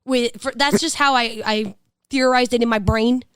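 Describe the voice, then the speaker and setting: New york lady podcasting, kinda high smooth voice, dry close sound, rambles and laughs a lot. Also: fairly even intonation, moderate pace, no room sound. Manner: chatty, laughing, swearing, restarts often. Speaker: podcast co-host. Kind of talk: casual chat.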